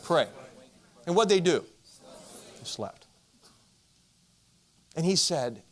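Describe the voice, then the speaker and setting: Animated man telling a self-deprecating story. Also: a little high, normal speed, long pauses. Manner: animated, self-deprecating, big swings from loud to hushed; addresses the audience directly with questions. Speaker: marriage conference speaker. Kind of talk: storytelling Christian talk.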